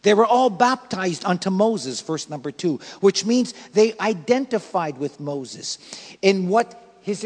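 A male pastor delivering an emphatic sermon, swinging between loud bursts and soft asides. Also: extremely high pitch, in a large hall. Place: church sanctuary.

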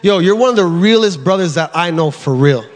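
A man preaching a lively, animated sermon as pastor, shouting at times. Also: high voice, brisk, noisy background. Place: large church hall. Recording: live church hall with congregation.

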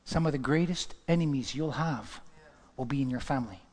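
A male preacher giving an impassioned sermon, swinging from hushed whispers to loud outbursts. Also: medium pitch, fairly quick, long reverb tail.

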